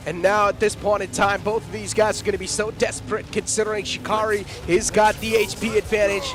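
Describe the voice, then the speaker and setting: A man giving animated live commentary on an esports match and teasing his co-casters. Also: high voice, brisk, over music.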